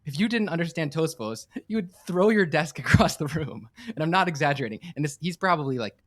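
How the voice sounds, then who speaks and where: A man's voice: fairly high pitch, lively intonation, brisk, fairly bright tone. A man, a podcast guest, telling a personal story in an earnest, heartfelt way with frequent restarts. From United States. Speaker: podcast guest, campus director and startup coach.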